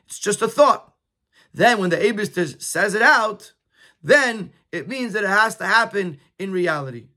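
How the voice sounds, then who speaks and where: High bright-voiced man teaching text. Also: animated, normal speed. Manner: repeats words and stammers while explaining. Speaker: Torah teacher. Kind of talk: reading a Yiddish text and translating it into English.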